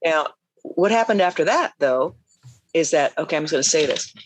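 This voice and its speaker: Animated, laughing woman storyteller. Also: low voice, normal speed, a little hiss or hum. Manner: animated storyteller, laughs often, acts out quotes. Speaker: podcast guest. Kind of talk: conversational interview.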